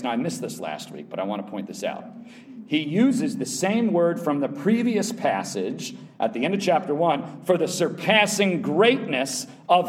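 A man preaching as a pastor in a church Bible class, emphatic, with his voice rising to loud high peaks and dropping to quiet low asides. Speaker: pastor teaching adult Sunday school. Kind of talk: sermon-style Bible teaching. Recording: voice picked up from a distance off the mic.

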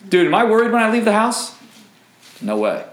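Animated joking preacher man. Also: sits high, brisk, roomy sound, low-quality recording. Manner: animated, jokey preaching with asides. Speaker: pastor. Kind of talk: sermon.

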